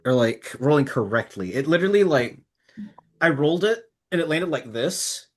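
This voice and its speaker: A woman's voice: low voice, expressive, moderate pace, darkish tone. Giggly woman chatting at the game table. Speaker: player. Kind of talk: casual tabletop chat.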